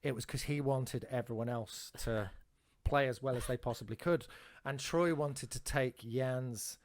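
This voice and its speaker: A man's voice: mid-range voice, a little slow. A man, a comedian telling rambling anecdotes on a podcast with frequent restarts and swearing. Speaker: comedian guest.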